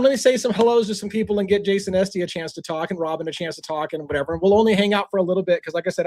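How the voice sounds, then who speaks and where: Man, livestream host, sleep-deprived, quick pace, dry close sound. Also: fairly high pitch, no room sound. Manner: animated storytelling, acts out quotes. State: tired from lack of sleep. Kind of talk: casual livestream chat.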